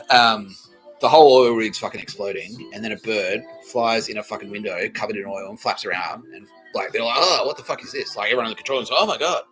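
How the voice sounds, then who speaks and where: A man's voice: fairly low pitch, a bit bright, rough recording. A man hosting a comedy podcast livestream, rambling, swearing freely and often breaking into laughter. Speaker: podcast host.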